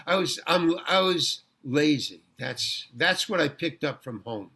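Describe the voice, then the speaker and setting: Older new york guy rambling thru a story, bright forceful voice, bit higher than most guys. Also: unhurried, slightly rough. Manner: rambling, animated, full of restarts and acted-out quotes. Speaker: guest actor. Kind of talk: casual storytelling interview.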